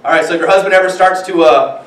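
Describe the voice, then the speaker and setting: A man's voice: high voice, fast talker, fairly bright tone. A man, father of young children, preaching a sermon with animation and acting out the voices of people in the stories. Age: young adult or middle-aged, father of young children. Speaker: pastor. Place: church sanctuary. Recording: echoey church room from far off.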